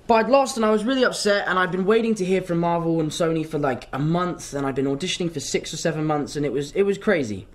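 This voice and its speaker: A man's voice: fairly high pitch, quick pace, few pauses. Young British man telling stories. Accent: British English. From England. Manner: lively storyteller, acts out quotes, laughs often. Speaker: actor guest. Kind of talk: talk show anecdotes.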